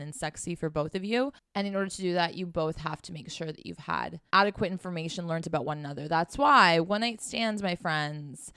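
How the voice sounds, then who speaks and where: A woman's voice: on the low side, vocal fry, a bit bright, smooth, no room sound, studio quality. Frank, profane woman giving dating advice. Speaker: dating and sex coach. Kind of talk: casual advice vlog.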